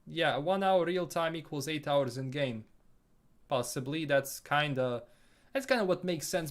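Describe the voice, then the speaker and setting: A man from Bosnia with a Bosnian accent, casually reading viewer comments aloud and answering them on a live stream. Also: mid-range voice.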